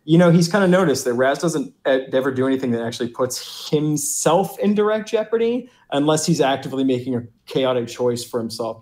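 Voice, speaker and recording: A man's voice: medium pitch, darkish tone. A man playing a tabletop role-playing game, rambling with fillers and speaking earnestly in character. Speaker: player.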